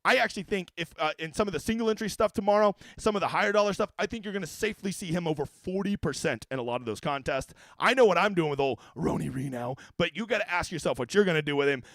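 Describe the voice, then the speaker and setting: A man's voice: high-pitched, fast, creaky, hardly any pauses, fairly bright tone, no room sound. A man hosting a casual fantasy golf livestream, talking in brash, profane, joking rants. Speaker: fantasy sports golf analyst.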